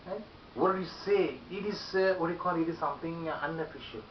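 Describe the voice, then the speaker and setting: A man teaching communication skills, demonstrating polite phrases again and again in a lively voice and repeating them for practice. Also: on the high side, fast. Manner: animated, repeats example phrases loudly and often. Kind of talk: spoken English lesson. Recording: echoey room, distant mic, dull hiss.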